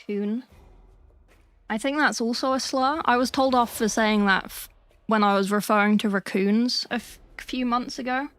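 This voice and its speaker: A British woman livestreaming as she paints miniatures, chatting casually and reading chat messages with sweary, deadpan joking asides. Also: fairly high pitch, normal speed.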